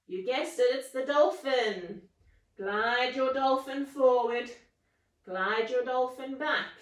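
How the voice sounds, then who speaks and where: A woman teaching a children's yoga class, coaxing and playful, telling a little story as she guides the poses. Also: sits high. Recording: roomy echo, mic set far off.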